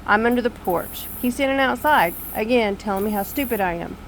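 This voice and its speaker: An older woman telling a story to camera on her screened back porch, animated, exasperated and poking fun at herself. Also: fairly high pitch, brisk, a little hiss or hum, low-quality recording. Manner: animated, exasperated, self-mocking. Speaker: vlogger.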